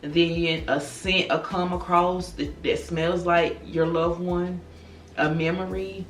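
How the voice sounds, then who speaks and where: A grieving woman in her thirties speaks slowly in a low, subdued voice, confiding in her viewers. She sits back from the microphone in a roomy space, and faint music plays underneath. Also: flat delivery, far from the mic. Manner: slow, soft-spoken, confiding, calls listeners girl and y'all. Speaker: vlogger. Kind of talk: personal direct-to-camera talk.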